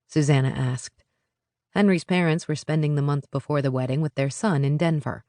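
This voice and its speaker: A woman's voice: deep voice, steady tone, moderate pace, dark tone, no room sound. Woman narrating an audiobook, dry.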